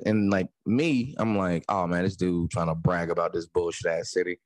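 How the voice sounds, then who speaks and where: A man, a podcast co-host, telling a story in casual chat, animated and laughing often. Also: low-pitched, moderate pace, dry recording, low-quality recording.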